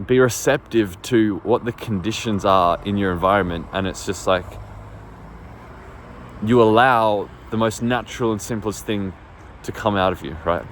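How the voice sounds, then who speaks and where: A man vlogging outdoors on his phone, telling a story in a rambling, casual way, full of fillers and swearing. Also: lowish voice. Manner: rambling, lots of fillers and swearing, laughs often. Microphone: phone on small tripod. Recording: faint street and traffic noise.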